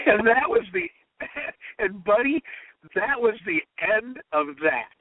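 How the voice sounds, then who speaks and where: A man's voice: high-pitched, very animated, slow, long pauses. A man who writes political humor, telling anecdotes and mimicking the people he quotes. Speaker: comedy writer. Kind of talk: storytelling interview talk. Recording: tinny phone-line sound.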